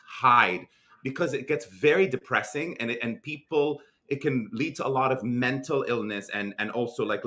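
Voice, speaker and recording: A young adult man from Lebanon with a Lebanese accent, talking as an interview guest in an animated, casual way with many restarts and fillers. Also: medium pitch.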